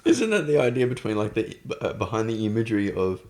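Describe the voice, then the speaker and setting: A man's voice: lowish voice, big pitch swings, quick pace, a little mellow, a little hiss or hum. A young man co-hosting a casual chat, laid-back and hesitant, laughing often. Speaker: co-host.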